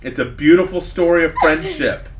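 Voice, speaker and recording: A man's voice: on the high side, moderate pace, heavy background noise. A man in his late thirties hosting a podcast in casual chat, rambling and joking about getting choked up. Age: 30s. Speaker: podcast host.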